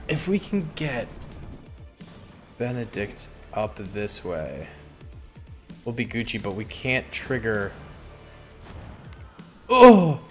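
A young man narrates his strategy game in an unhurried, mid-pitched voice. He chats, exclaims and begs his units to obey. Soft game music plays faintly under him. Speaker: gaming YouTuber. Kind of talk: casual gameplay commentary.

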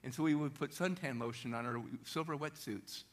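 A middle-aged man tells a story to a church audience with lively, high energy, stopping to throw questions at his listeners. His voice sits a little higher than most men's. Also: brisk. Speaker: motivational speaker.

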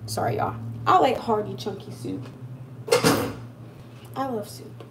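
A woman's voice: mid-range voice, unhurried, very noisy. A young woman chatting casually on a livestream, answering viewers while moving around her kitchen, laughing and emphatic. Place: home kitchen.

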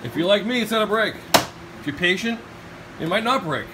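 A man with a fairly high, bouncy voice chats and jokes while wrenching in a garage, laughing often. His pitch jumps around a lot. Steady noise from the garage sits under the recording. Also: moderate pace. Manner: animated, joking, laughs often. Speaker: host. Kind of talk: casual garage chat. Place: home garage.

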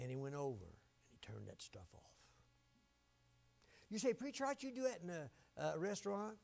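An older man preaching a fiery revival sermon, swinging from shouts down to quiet, low asides. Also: huge pitch swings, moderate pace, gravelly.

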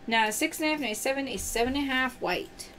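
A woman's voice: high-pitched, quick pace, noisy background. A woman hosting a live-stream pearl sale, opening oysters and cheerfully calling out prizes and pearl sizes to viewers. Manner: upbeat, cheery, calls out prizes. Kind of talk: live-stream selling chat.

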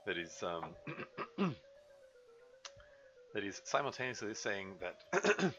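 A man commentating on a game with wry, sarcastic asides, often pausing on fillers. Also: on the low side, sing-song, pushed and bright, soft background music. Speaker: let's play host. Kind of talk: gameplay commentary. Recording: dull lo-fi recording.

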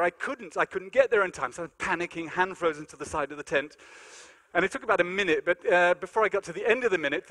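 Fast, bright, high-pitched man telling a story. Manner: animated, comic storytelling with acted-out quotes. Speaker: lecturer. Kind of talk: storytelling lecture. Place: large lecture hall.

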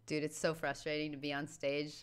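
A woman's voice: low voice, completely flat delivery, fairly quick, smooth. A woman from the United States giving chatty, casual reaction commentary on a comedy clip. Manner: chatty, laughing along. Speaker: reaction video host.

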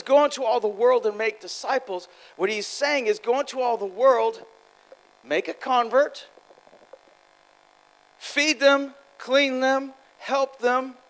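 A man preaching a sermon at a church conference, animated, swinging between loud exclamations and quiet asides, quick and repeating himself. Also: extremely high pitch, rough recording. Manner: quick, with repeated words and restarts. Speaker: guest preacher.

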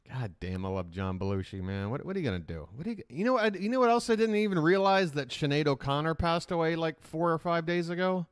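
A man's voice: fairly high pitch, fast, hardly any pauses, clear, resonant tone, no room sound, clean studio sound. A man hosting a live reaction stream, rambling in casual, profane commentary.

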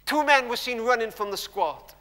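A man preaching a sermon in a church, telling stories emphatically and dropping to hushed tones. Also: very high voice, lively intonation, moderate pace. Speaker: guest preacher. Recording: long church hall reverb.

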